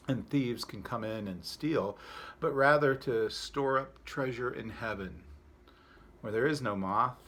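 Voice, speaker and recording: A pastor giving a devotional talk, telling a folksy story and then reflecting on it in a relaxed, conversational way. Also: male voice, lowish voice.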